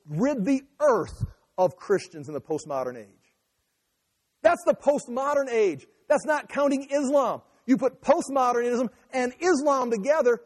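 A man's voice: very high-pitched, a little mellow. A man preaching an impassioned, emphatic sermon, mimicking the voices of people he argues against. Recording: echoey hall.

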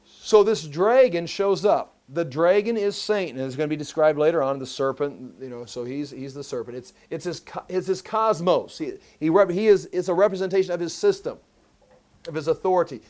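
A man's voice: on the high side, brisk, darkish tone. A man teaching a Bible study sermon, emphatic, repeating key phrases and often restarting mid-sentence.

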